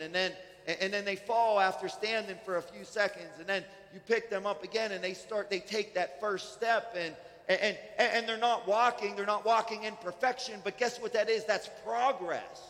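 A man's voice: high-pitched, normal speed, a bit bright. A man preaching a sermon as pastor in a church, earnest and conversational, often restarting his words. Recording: reverberant church hall.

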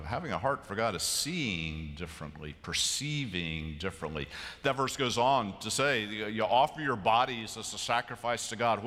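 Lively preacher in a reverberant sanctuary. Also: male voice, on the low side. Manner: animated storytelling with sudden loud bursts. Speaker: pastor. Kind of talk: sermon. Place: large church sanctuary. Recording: long church reverb.

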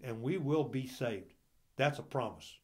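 A man's voice: medium pitch, expressive, a little slow. A man co-hosting a Bible discussion, fervent, rising into impassioned preaching with repeated rhetorical questions. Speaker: church Bible study co-host.

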